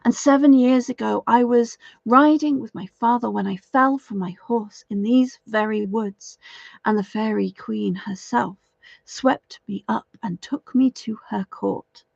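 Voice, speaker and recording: A woman's voice: on the high side, a little slow, vocal fry, no room sound. Tam Lin, a woman voicing a courtly young man. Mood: gallant. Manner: gallant and flattering. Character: young mortal man held by fairies, charming and courtly. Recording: dull, dry lo-fi recording.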